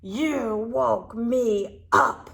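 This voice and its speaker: A woman's voice: a little high, very slow, gravelly, a bit bright, exaggerated voice. Woman doing a grumpy growling bear. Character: gruff grumpy male bear woken from a nap.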